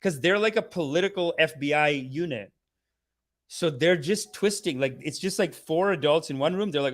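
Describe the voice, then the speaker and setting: Brief: young male host, higher-pitched voice, loose and swearing, acts out quotes for laughs. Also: moderate pace. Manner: animated and profane, acting out others in mock voices. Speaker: show host reviewing a documentary series. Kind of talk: casual rambling review monologue.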